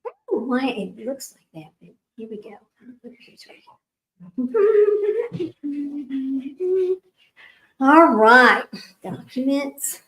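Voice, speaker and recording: A woman's voice: high voice, lively intonation, drawn-out words, pauses often, fairly bright tone, low-quality recording. A middle-aged woman hosting a casual trivia livestream, rambling and chatty, laughing often and talking straight to her viewers.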